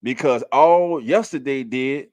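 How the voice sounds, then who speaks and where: A man's voice: mid-range voice, measured pace. A man hosts a casual livestream from a home setup, speaking with a mid-range voice. He hammers his points by repeating them and greets viewers in the chat. The sound is dry and close, with no room echo. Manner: emphatic, repeats key lines; hands out shout-outs to chat. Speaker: fan show host.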